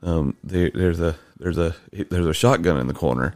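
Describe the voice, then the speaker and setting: A man's voice: deep voice, normal speed, no echo. A man hosting a casual podcast with his father, telling stories with laughter and teasing. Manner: animated, laughing, teasing storyteller. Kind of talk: casual chat.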